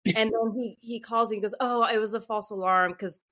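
A woman author, a podcast guest, telling a story in a chatty, animated way with lots of fillers. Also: a little high, brisk. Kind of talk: casual podcast interview storytelling.

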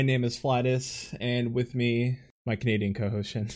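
A man's voice: medium pitch, steady tone, moderate pace, faint music behind. Laughing, joking male podcast host. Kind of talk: casual chat.

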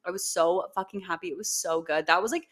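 A woman's voice: fairly low pitch, fast, fairly bright tone. A young woman co-hosting a podcast in casual chat, gushing and swearing freely, with lots of "like" and "um". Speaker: podcast co-host.

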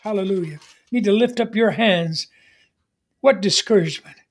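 A man's voice: high voice, moderate pace. A middle-aged man preaching a sermon as pastor, emphatic, with repeated refrains and calls for the congregation to respond.

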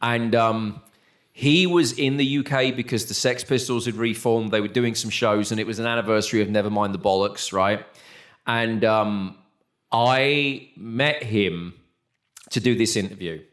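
A man from England, a radio host, telling an anecdote in a casual, animated chat with some swearing. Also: on the low side, moderate pace. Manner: chatty, swearing, animated storytelling.

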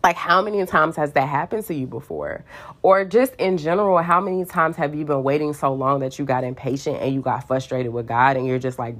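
A woman's voice: sits low, fairly quick. A young woman in casual faith talk, telling stories with sass and slang and acting out quoted voices. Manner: sassy, animated storytelling with slang and quoted voices.

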